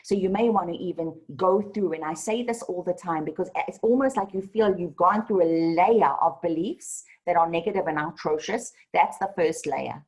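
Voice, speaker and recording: Woman teacher chatting at a satsang, lively and expressive, lots of "you know". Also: on the low side, normal speed, hardly any pauses, rough recording. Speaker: spiritual teacher. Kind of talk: casual satsang talk.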